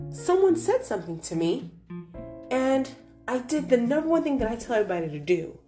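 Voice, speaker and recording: Lively, high-pitched woman telling stories. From New York. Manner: animated, confrontational storyteller who acts out voices. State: hard of hearing. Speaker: vlogger. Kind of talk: casual motivational monologue.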